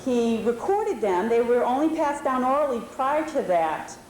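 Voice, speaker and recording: A fairly high, slightly mellow voice belongs to this very animated woman in her forties from New England, speaking at a moderate pace. She presents to a historical society meeting in an indoor lodge hall, explaining conversationally with fillers, captured in a roomy recording with faint background noise.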